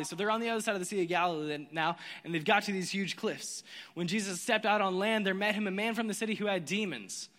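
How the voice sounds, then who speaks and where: A man preaching a sermon, telling the story with lively energy and acting out the voices of its characters. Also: high voice, quick pace, in a large hall. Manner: animated storytelling, acts out voices. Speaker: pastor.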